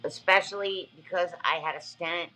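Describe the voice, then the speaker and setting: Exhausted woman livestreaming, bright and emphatic. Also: lowish voice, steady tone, moderate pace, faint music behind, rough recording. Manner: emphatic, repetitive, talking back to chat. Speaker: livestream host. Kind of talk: casual livestream talk to chat.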